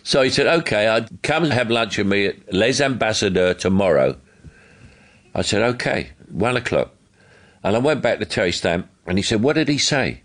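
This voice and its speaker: Deep, animated Cockney raconteur swinging his pitch as he voices others in the tale. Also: moderate pace. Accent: London Cockney. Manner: lively storytelling, acting out quoted dialogue. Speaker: interviewee. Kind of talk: anecdote in an archive interview.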